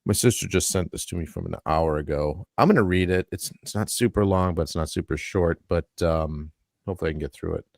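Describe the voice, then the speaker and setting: A man's voice: low-pitched, brisk, creaky, a little mellow, dry recording, studio quality. A man hosting a live-stream talk show, reading a statement aloud in an earnest way and adding his own asides. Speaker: podcast host.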